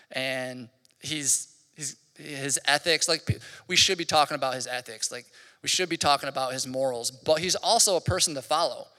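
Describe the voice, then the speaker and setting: A fairly high, bright and forceful male voice, a pastor in his thirties talking through a sermon in a loose, chatty way full of "like". His voice rings out with a long reverb in a church hall. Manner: casual, rambling, heavy use of "like". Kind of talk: conversational sermon.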